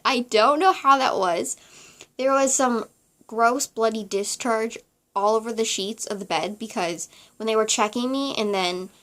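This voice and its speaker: A young woman vlogger telling a story in casual chat, sassy and chatty, acting out quotes with big jumps in pitch. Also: a bit bright.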